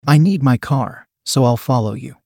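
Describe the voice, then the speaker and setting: A man reading the lines of a confident young woman in a sweet, calm way. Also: medium pitch, normal speed, gravelly, breathy edge, dry recording, clean studio sound.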